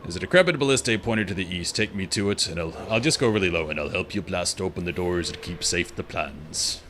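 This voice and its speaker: A man's voice: low voice, lively intonation, a little fast, fairly bright tone, slight background noise. A man reading out a game quest giver's lines in a plain, half-hearted way. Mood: earnest.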